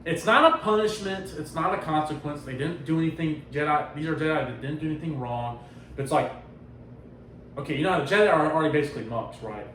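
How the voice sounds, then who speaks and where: Fast-talking man, profane and animated. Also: a little high. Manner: animated, profane retelling with acted-out quotes. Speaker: podcast host. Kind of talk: casual comic book discussion. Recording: roomy sound from a distant mic with faint noise.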